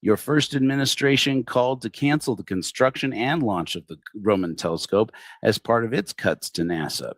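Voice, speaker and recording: A middle-aged man hosting a livestreamed satirical sermon, addressing his target with sarcastic, theatrical mock flattery. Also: mid-range voice, moderate pace, hardly any pauses, no room sound, clean studio sound. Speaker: host of a secular online congregation.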